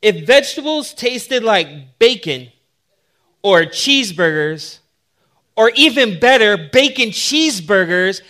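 A man's voice: high-pitched, big pitch swings, slow pace, pushed and bright. A man preaching a sermon in a conversational, humorous way that builds to emphatic points.

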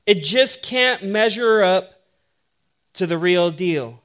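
A man's voice: high voice, lively intonation, slow, fairly bright tone. A man preaching a sermon in a conversational, humorous way that builds to emphatic points.

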